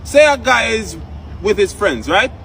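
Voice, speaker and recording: A high-voiced Jamaican man with a Jamaican accent talks energetically and playfully to his viewers. He sounds a little distant from the mic. Faint traffic hums outside. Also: very animated, unhurried, gravelly, a bit bright, a faint crowd. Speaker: co-host of a video. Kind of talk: upbeat casual video intro.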